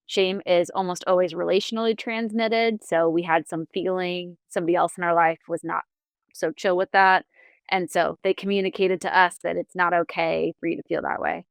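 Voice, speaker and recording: Low-voiced woman, gentle therapist guest. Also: creaky, clean tone, dry recording. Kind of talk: casual podcast conversation.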